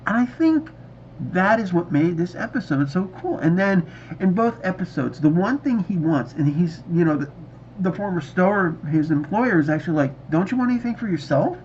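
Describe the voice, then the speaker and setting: Excitable man with lively pitch. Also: normal speed, lo-fi sound, slight background noise. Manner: enthusiastic, rambling, excitable. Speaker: movie reviewer. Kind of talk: casual video review.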